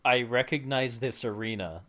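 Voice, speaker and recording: A woman's voice: a bass voice, moderate pace, a bit bright. A woman player chatting casually during a tabletop game, playful and joking.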